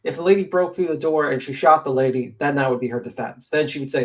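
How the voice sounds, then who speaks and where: A man with a stuffed-up, sniffly nose hosting a casual panel discussion, reading definitions aloud with halting restarts. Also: fairly high pitch, low-quality recording. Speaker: panel host.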